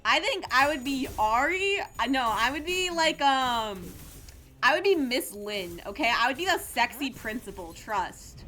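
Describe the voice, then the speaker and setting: Woman streamer from California, bright and a bit high, sarcastic live game chatter, faint music behind. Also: very animated, a little slow. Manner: playful, sarcastic, rambling chat with sudden loud outbursts.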